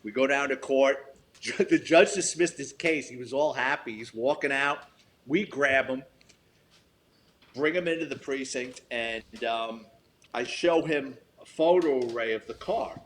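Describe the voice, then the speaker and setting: With a medium-pitched, slightly bright voice and a measured pace, an older retired police detective shares stories in an interview, voicing quoted dialogue in a blunt, profane way. Some hiss or hum is audible.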